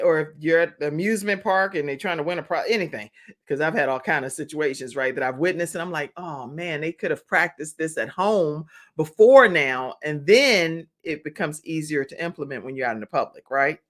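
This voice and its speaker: A woman hosts a talk show in a somewhat low voice, lively and quick to laugh. She keeps the conversation moving by echoing her guest's main points back. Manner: lively, laughs often, repeats key points.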